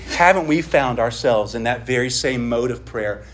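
A man preaching a sermon as pastor, earnest, his voice rising on pleading lines and dropping low on asides. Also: animated, normal speed, a bit bright, a little hiss or hum.

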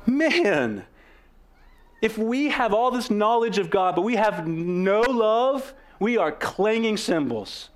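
A young man preaching a sermon in an earnest, animated way, with sudden swings in pitch and pace. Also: slow. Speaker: pastor.

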